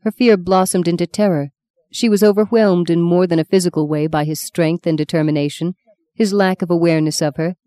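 A woman narrating an audiobook in a steady, measured storytelling voice, close to the mic. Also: lowish voice, dry recording. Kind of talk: scripted narration.

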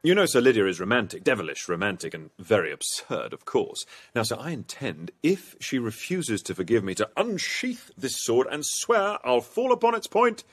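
A young captain trying to wriggle out of trouble , as a man acts him. He stammers, hedges and flatters, and his pitch leaps about wildly. The voice sits at a middling height. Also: normal speed, few pauses. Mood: wheedling. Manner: stammering, hedging, eager to please. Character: young army captain, evasive and sly son.

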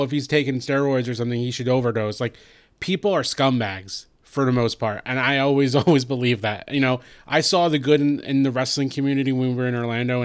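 A man co-hosting a heated podcast discussion. He speaks bluntly and angrily, swearing freely, in a mid-pitched voice. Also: clear, resonant tone. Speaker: podcast co-host.

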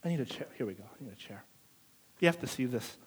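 A man's voice: mid-range voice, animated, quick pace, a little hiss or hum. A man preaching a live sermon in a church service, emphatic, repeating phrases for stress.

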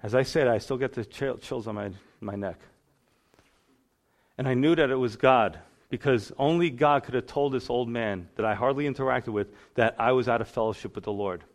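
New pastor telling his story. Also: mid-range voice. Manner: storytelling, acts out voices in quotes. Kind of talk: sermon testimony.

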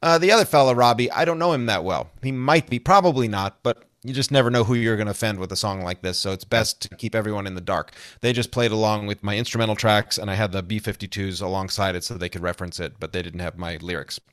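A man's voice: lowish voice, fast talker, hardly any pauses, fairly bright tone, no echo, studio quality. A man chatting as a podcast guest, rambling through asides and laughing often. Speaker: podcast guest, comedy songwriter. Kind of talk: casual interview chat.

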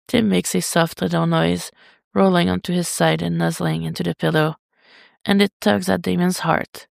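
Woman reading a story, super gravelly voice, slow, dry close sound. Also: lowish voice, no echo. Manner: steady, unhurried reading. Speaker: podfic reader. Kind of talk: slow fiction narration.

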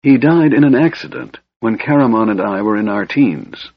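A man's voice: medium pitch, normal speed, gravelly, husky, no room sound, voice pushed up. A man voicing a frail, sardonic young male mage who talks in a cold, hissing whisper, on a dull lo-fi recording. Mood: bitter, musing. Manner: cold, brooding, bitter.

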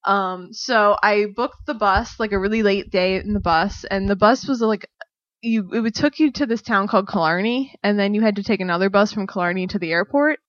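A woman's voice: mid-range voice, brisk, a bit bright, no echo. Young woman rambling thru a story, says like a lot, dry dull recording. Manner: rambling, frequent "like", laughs often. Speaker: storyteller guest. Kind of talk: casual chat.

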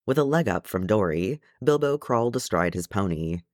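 A man narrating a fan fiction audiobook in a measured, gentle storytelling way. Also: lowish voice, animated, no echo, clean studio sound. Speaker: audiobook reader.

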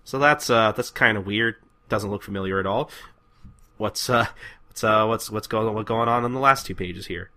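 A man hosting a laid-back podcast chat, moving through the pages with lots of "uh". His voice is fairly low but bright and forceful. He quotes the characters loosely as he goes. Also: moderate pace. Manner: relaxed, filler-heavy, chuckles along. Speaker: podcast host. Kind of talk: casual manga discussion.

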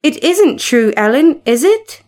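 A woman's voice: sits high, big pitch swings, measured pace, a little mellow. A woman reading aloud as a lovesick eighteen-year-old girl, indignant and close to tears. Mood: tearful.

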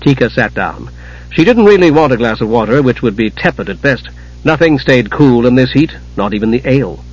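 A man narrating an audiobook in a steady storytelling manner, husky-voiced. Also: medium pitch, fairly quick, highs cut off. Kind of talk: scripted narration.

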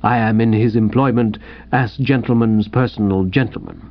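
A man plays an unflappable valet, soft-spoken and measured, every phrase formal and composed. The recording is dull and lo-fi. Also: fairly low pitch, steady tone, slight background noise, lightly acted. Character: calm, dignified male valet.

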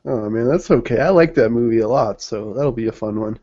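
A man's voice: mid-range voice, fairly quick, mellow, dry recording, muffled recording. A man co-hosting a movie podcast in casual chat, dry and joking. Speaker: podcast co-host.

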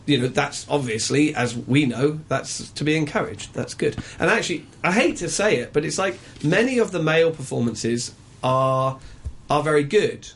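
A man's voice: on the high side, normal speed, a bit bright, husky. A man reviewing a film in a casual radio chat, opinionated and chatty, with frequent ums and uhs.

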